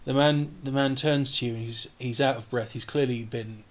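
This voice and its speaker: A man running a tabletop game, narrating in a middle-pitched voice at an unhurried pace. He hesitates often and fills gaps with ums and uhs as he describes the scene. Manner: relaxed, halting narration with fillers. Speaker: game master. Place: home streaming setup.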